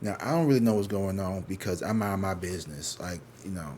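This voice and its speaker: Profane, animated man telling a story. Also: deep voice, brisk, a little hiss or hum. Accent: St. Louis. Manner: profane, animated, acts out other people's lines. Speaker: tarot reader telling a story. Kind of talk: casual storytime monologue.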